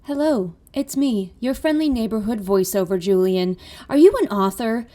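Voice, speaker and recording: A woman reading an upbeat, chatty voiceover ad for her own editing work. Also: mellow. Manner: upbeat, chatty sales pitch. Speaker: freelance editor. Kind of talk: ad read voiceover.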